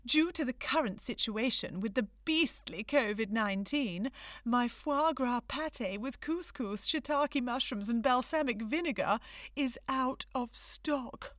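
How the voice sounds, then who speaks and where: A woman's voice: on the high side, measured pace, fairly bright tone, no room sound, studio quality. An actress playing a pampered, posh upper-class English woman in a comedy radio sketch, plummy and theatrically indignant.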